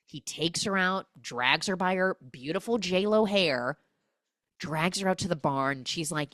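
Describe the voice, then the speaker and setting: A woman hosting a podcast, recapping a film with comic energy and acting out the characters' lines in quick voices. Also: lowish voice, a bit bright, no echo, studio quality. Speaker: podcast host.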